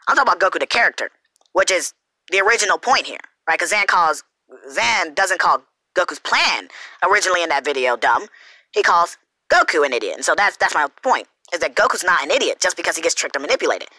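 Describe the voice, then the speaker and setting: Young woman reaction host; fast, rambling, self-correcting, dry sound. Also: on the low side, big pitch swings, pushed and bright, no room sound, low-quality recording. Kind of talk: unscripted response commentary.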